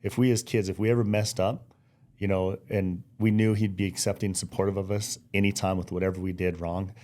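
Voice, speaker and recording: Earnest middle-aged man, low mellow voice. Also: little pitch movement, a little fast. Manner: earnest, heartfelt, many restarts. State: teary-eyed. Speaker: podcast guest. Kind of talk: emotional interview.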